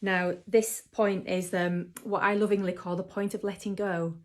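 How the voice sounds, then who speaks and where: A woman who teaches mindfulness and acupressure in a gentle, chatty way, with frequent ums. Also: medium pitch, flat delivery, normal speed. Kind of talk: relaxed instructional talk to camera.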